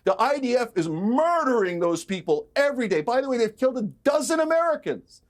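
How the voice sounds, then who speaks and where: A man arguing hard in a heated televised debate, sarcastic and rapid-fire. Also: extremely high pitch, big pitch swings. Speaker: political commentator in a debate.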